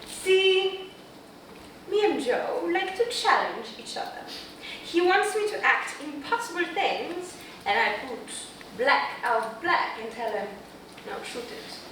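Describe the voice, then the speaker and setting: An actress playing a witty, self-mocking glamorous film star in a staged theatrical monologue, laughing often. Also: female voice, high-pitched, a bit bright, heavy reverb, far from the mic, a little hiss or hum, exaggerated voice, low-quality recording. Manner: wry, playful, laughing often, drawn-out delivery.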